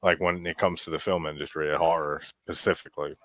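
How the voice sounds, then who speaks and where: A man with a deep, low voice and a heavy New York accent chats loosely about a film, laughing often and cursing freely. The sound is close and dry with no room echo. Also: little pitch movement, fairly quick, fairly bright tone. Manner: laughs often, swears casually. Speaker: guest commentator. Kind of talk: casual film commentary.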